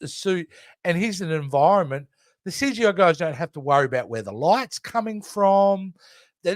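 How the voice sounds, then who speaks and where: Lively man co-hosting a chat. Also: sits high, dry recording, studio quality. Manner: animated, rambling, trailing off and restarting. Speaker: co-host. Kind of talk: casual chat.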